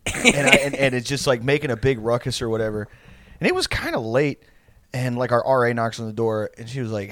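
A man's voice: mid-range voice, animated, a little fast, a bit bright, no room sound. A man in his late twenties telling a rambling, profane story in casual chat and laughing through it. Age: 20s.

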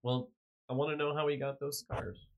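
A man's voice: on the high side, flat delivery, normal speed, a little hiss or hum. A man hosting a casual podcast, ranting crudely with heavy swearing. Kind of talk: casual chat.

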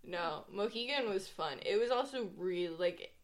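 Young woman, podcast co-host, casual chat, animated storyteller, laughs a lot. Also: mid-range voice, moderate pace.

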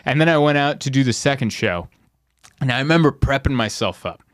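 A man telling a story in casual conversation. He swings his pitch up and down and jumps into voices for the people in it. His voice sounds close and dry. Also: fairly quick, dry recording. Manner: animated, mimics voices in stories, laughs often. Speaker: comedian.

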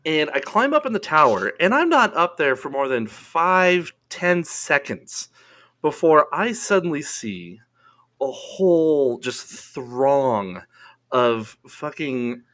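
Male podcast guest, casual storyteller, profane and quick to laugh. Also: a little high. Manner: laughing, swearing, animated storyteller.

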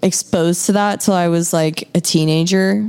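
Laid-back young woman, smooth voice. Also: lowish voice, steady tone, moderate pace, darkish tone. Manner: laid-back, lots of fillers and laughs. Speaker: podcast host. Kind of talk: casual chat.

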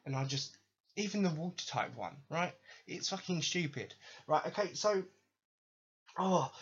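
A man's voice: high-pitched, fairly bright tone, breathy edge, dull audio. A young man hosting a podcast, ranting in exasperated, sarcastic, sweary commentary. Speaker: podcast host.

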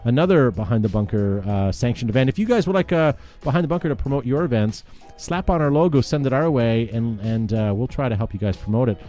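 A man's voice: mid-range voice, animated, quick pace, dark tone, soft background music. A man hosting a casual paintball podcast, reading out event announcements in a chatty way with frequent fillers and laughs. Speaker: podcast host.

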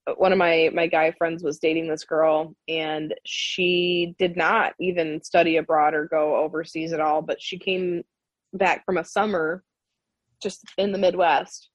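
A woman's voice: low voice, flat delivery, a little slow, dry recording, lo-fi sound. A young American woman co-hosting a podcast, chatting casually and bluntly, with plenty of swearing. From United States. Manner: blunt and opinionated, swears freely. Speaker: podcast co-host. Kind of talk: casual chat.

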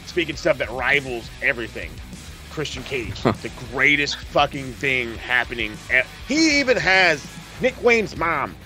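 A man's voice: mid-range voice, bright, forceful tone. A man hosting a podcast, recapping wrestling in casual, profane, rambling chat. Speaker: podcast host.

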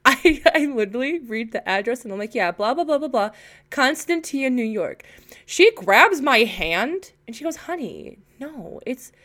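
A young woman from Illinois co-hosting a casual podcast, telling animated stories with swearing and laughter into a podcast mic. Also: on the high side, normal speed. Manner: animated storytelling with profanity and laughter. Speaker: podcast co-host. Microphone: podcast microphone.

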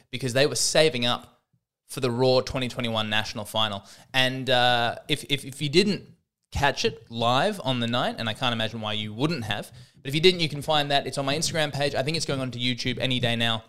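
A man riffs through a comedic podcast monologue, stumbling into restarts and joking at his own expense. His voice is smooth and resonant, sitting in a middle pitch. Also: fairly bright tone. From Australia. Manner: rambling, self-deprecating, with frequent restarts. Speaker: podcast host.

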